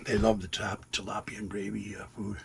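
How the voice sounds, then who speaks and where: Over a noisy background, a man in his 60s speaks on the low side, level, creaky and fairly quick. The RV vlogger rambles casually while cooking in his kitchen, sometimes addressing his cats.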